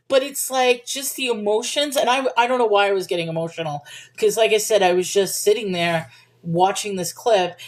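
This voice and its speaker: A woman's voice: a little high, fairly quick. A woman hosting a livestream, talking casually about faith and reading viewer comments, chatty and thinking aloud with restarts and little laughs.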